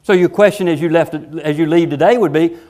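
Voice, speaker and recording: A man's voice: fairly high pitch, fairly quick, warm tone. A man giving a motivational talk to teachers, emphatic and folksy, acting out the people he quotes. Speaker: education speaker.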